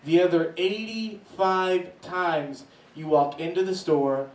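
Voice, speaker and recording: Man comic, higher voice, storytelling bits, heard from a distance in a roomy venue. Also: takes it slowly. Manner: animated, voices swing high when acting out reactions. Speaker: stand-up comedian. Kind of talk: stand-up storytelling. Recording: echoey room from a distance.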